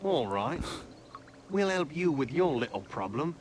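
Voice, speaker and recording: Brief: earnest young adventurer, lightly high, lively lines, faint noise. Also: male voice, a little slow. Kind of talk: game voice acting.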